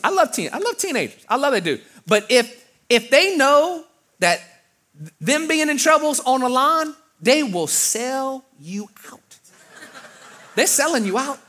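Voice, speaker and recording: A man preaching a sermon, telling a story in an animated way, loud one moment and quiet the next. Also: high-pitched. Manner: animated, with big swings of loudness. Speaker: pastor.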